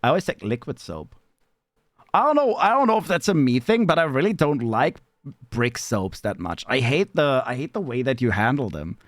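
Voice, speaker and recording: A man chatting casually on a live stream, rambling and swearing, with sudden squeaky high bits. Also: big pitch swings, moderate pace, dry recording, studio quality.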